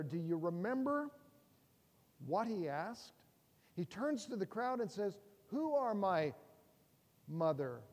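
A middle-aged pastor preaches in a high-pitched, slightly mellow voice, keeping it conversational and humorous while tossing rhetorical questions to the congregation. A long hall reverb surrounds the recording.

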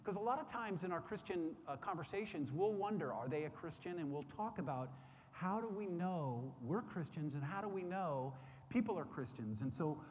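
A man leads a Bible study in an earnest, searching way, circling back over phrases and stumbling through fillers as he hunts for words. His voice sits a little high for a man. The hall has a long echo, with a faint hiss behind him. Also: lively intonation, moderate pace, a little mellow. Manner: earnest, repeats phrases, many fillers and restarts. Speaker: Sunday school teacher. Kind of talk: Bible teaching. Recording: roomy hall with faint background noise.

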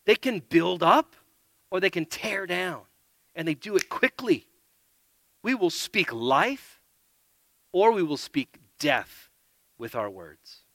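A man preaching a sermon, earnest, moving between loud emphasis and soft quiet asides. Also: fairly high pitch, dry recording.

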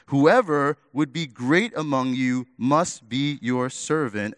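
A man preaching a sermon in an animated way, acting out little dialogues with big swings in pitch and loudness. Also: no room sound, studio quality. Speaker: pastor.

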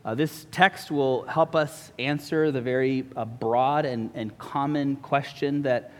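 A man preaching a sermon to his congregation, earnest and searching, often pausing with fillers and restarts. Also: mid-range voice, fairly even intonation. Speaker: pastor. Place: church. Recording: long reverb of a church hall.

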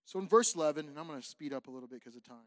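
A man preaching a sermon to a congregation, animated and repetitive, pacing as he talks and acting out the people in his story. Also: fairly high pitch, very fast, no room sound. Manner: animated, repetitive, quotes figures in voices; walks around while preaching. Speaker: pastor. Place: church sanctuary with a congregation.

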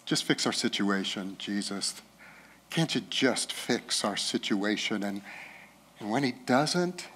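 A middle-aged man preaching a sermon as pastor, rising loud and high at climaxes and dropping soft and slow in tender passages.

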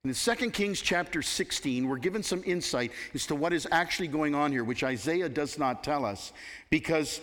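Slow emphatic preacher in reverberant hall. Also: male voice, on the high side. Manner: expressive, emphatic preaching with dramatic pauses. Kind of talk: sermon.

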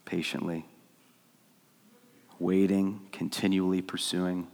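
Male preacher with a low voice, delivering a sermon with dramatic shifts from loud to hushed, in a reverberant hall. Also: slow. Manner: animated preaching, voices God's pleas, swings from loud to hushed. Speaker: pastor.

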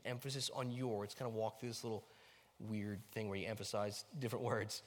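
Man, pastor, sermon, animated preaching, loud emphatic lines, long church-hall reverb. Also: mid-range voice, moderate pace. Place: church sanctuary.

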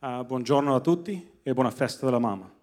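A man standing on a church stage, speaking in a mellow, dark voice. He keeps his greetings short and calm, pausing with small hesitant fillers. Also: mid-range voice. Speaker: guest on stage.

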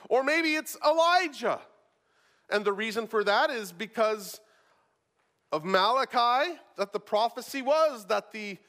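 A man's voice: high-pitched, a bit bright, big-room sound. A male pastor preaching a sermon, talking casually and often repeating words as he starts a thought.

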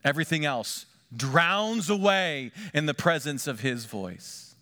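A middle-aged man delivers a sermon from the pulpit in a fairly high voice. He drops to hushed asides, then swells louder and higher on the points he wants to land. The delivery has a lively, varied preaching lilt. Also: measured pace. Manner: dynamic preaching, swinging between hushed asides and lifted, bigger emphatic lines. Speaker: pastor.

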